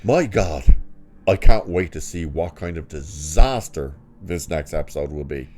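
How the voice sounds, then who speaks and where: A deep-voiced man tears into a TV episode in an exasperated rant. He sounds sarcastic and swears freely, and his voice leaps up high whenever he mocks what he saw. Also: lively intonation, a little slow, darkish tone, faint music behind. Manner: wide swings in pitch when mocking. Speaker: show reviewer. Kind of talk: ranting episode review.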